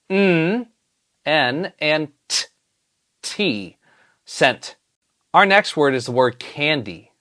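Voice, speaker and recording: A teacher giving a phonics lesson, sounding out each letter slowly and patiently. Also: medium pitch, a bit bright.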